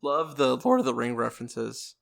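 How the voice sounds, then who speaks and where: Male podcast host, average pitch, casual and halting questions. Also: big pitch swings, creaky. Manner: hesitant, friendly, with ums and trailing phrases.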